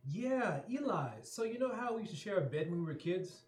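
Jokey guy playing a tabletop game, kinda high voice, echoey room. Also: big pitch swings, brisk, darkish tone. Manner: chatty, joking, hesitant restarts. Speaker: player. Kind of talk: casual tabletop play.

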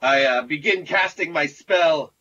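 A tabletop player lays out his moves step by step. His voice is bright and forceful, a little high, with a husky edge. The recording is dull and lo-fi. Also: measured pace. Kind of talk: playing a tabletop game. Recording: dull lo-fi audio.

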